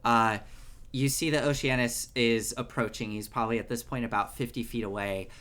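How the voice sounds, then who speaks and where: A man narrating a tabletop game as game master, relaxed, with many fillers. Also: medium pitch, normal speed.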